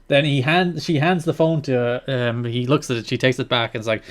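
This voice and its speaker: A man's voice: mid-range voice, steady tone, moderate pace. Dry, wry male podcast co-host. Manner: dry, wry, recounts events from notes. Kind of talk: casual chat, recapping old wrestling TV.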